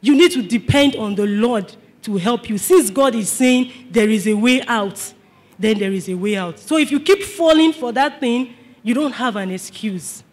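A man's voice: very high-pitched, normal speed. A male pastor preaching a sermon emphatically, repeating his points and calling on the congregation to respond. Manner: emphatic, repetitive, calls for response.

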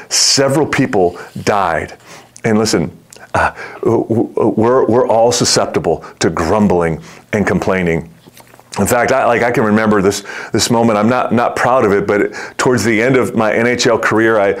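Middle-aged guy pastor preaching, lowish voice, talks like he's chatting, trips over his first words a lot. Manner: conversational, repeats words when starting sentences; acts out quoted voices in the story. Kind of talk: sermon.

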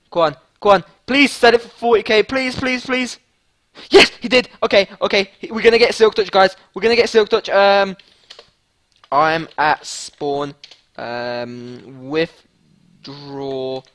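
Man, high voice, gameplay commentary, excitable, stammering, loud then whispered. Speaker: gaming channel host.

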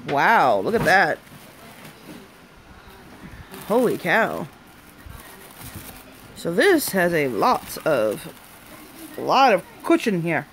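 A young woman hosting a casual live unboxing stream, chatty and excitable, often breaking off with delighted exclamations and asides to her family. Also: fairly low pitch, takes it slowly, pauses often, a little hiss or hum. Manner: breaks off to talk to family off camera.

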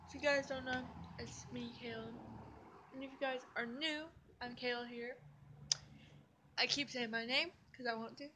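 High-voiced excitable girl vlogger. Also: moderate pace, a little hiss or hum. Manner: excitable, chatty. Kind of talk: casual vlog chat. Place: outdoor park playground. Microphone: handheld camera's built-in mic.

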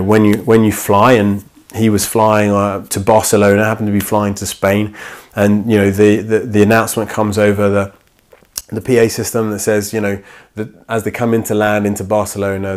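A man preaching a sermon in a church, in a conversational way that acts out little quoted exchanges. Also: fairly low pitch.

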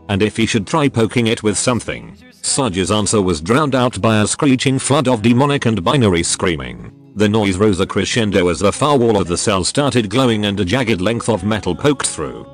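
Deep-ish synthetic male narrator, steady story reading. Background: faint background music.

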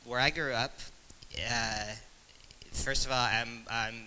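A man in his forties from Nebraska, speaking as a panelist at a conference in a reflective, halting way with many fillers. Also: medium pitch, fairly even intonation, pushed and bright, a little hiss or hum, rough recording. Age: 40s.

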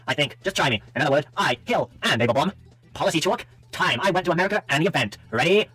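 A man's voice: a little high, expressive, fast talker, sharp tone, husky, no room sound, faint music behind, pitched above the performer's own voice, heavily acted. A man voicing a speedy, boastful male turtle racer in a cocky, singsong taunting way.

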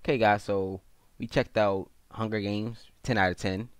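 A man hosting a gaming video, giving playful, jokey let's-play commentary that jumps into high, excited squeals. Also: moderate pace, smooth, no echo.

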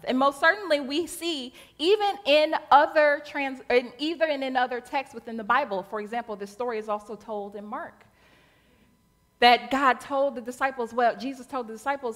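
Woman minister, high bright voice, colloquial rhythmic preaching that echoes through the sanctuary. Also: moderate pace. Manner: animated preaching, colloquial retelling, rhythmic repetition. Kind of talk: sermon. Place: church sanctuary. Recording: long church reverb.

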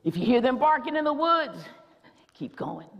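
High-voiced woman preaching a rousing sermon. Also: sing-song, quick pace, long reverb tail, dull audio. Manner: rousing, rhythmic repetition, rising to shouts. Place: church sanctuary.

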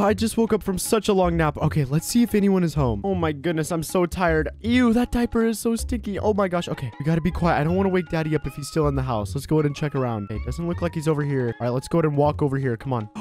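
A high-pitched man voicing excitable let's play commentary. He narrates each of his moves in the first person and keeps breaking into exclamations. His delivery is quick to react and animated. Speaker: gaming video creator.

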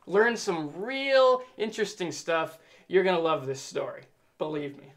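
A man's voice: high-pitched, sing-song, unhurried, fairly bright tone. A young man playing a hammy, folksy field reporter on a comedy show.

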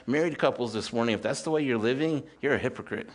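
Preaching to his church congregation, a man in his fifties moves quickly with few pauses, his voice mid-range. He shifts between loud emphasis and quiet asides, tossing out rhetorical questions and calls for amen.

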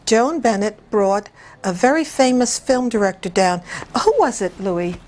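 A woman's voice: mid-range voice, expressive, darkish tone. Older lady director telling old tv stories, easygoing, little laughs here and there. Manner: anecdotal, unhurried, chuckles through stories. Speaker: television director. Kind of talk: reminiscing interview.

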